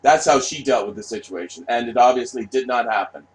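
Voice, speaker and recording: On a poor-quality recording, a vlogger with a medium-pitched voice talks fairly quickly through a blunt solo rant. His delivery is profane and repetitive, peppered with frequent "right?" questions.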